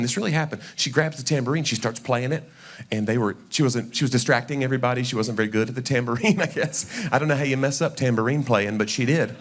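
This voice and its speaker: A man with a Southern East Tennessee accent doing a chatty, self-deprecating stand-up set in a church, with quick asides. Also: medium pitch. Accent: Southern American, East Tennessee. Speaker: stand-up comedian. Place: church sanctuary before a live audience.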